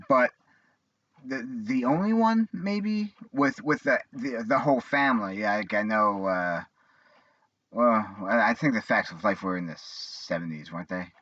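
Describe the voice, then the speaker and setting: A man in his forties talking casually on his own, rambling and halting with many fillers and restarts. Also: fairly low pitch, a bit bright, no echo. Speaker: vlogger. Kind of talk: casual monologue. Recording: dull lo-fi sound.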